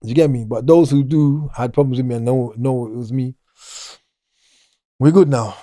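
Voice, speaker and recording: A man's voice: mid-range voice, moderate pace, warm tone, no echo, studio quality. A middle-aged man, talking casually as an interview guest, rambling and restarting his sentences. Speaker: guest, former prisoner.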